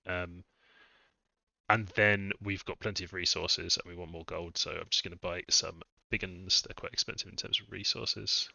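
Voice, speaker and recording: A man's voice: deep voice, flat delivery, moderate pace, vocal fry, bright, forceful tone, no room sound. Man, live gameplay commentary, thinking aloud, dull lo-fi sound, dry close mic. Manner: thinking aloud, musing over moves. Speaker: streamer.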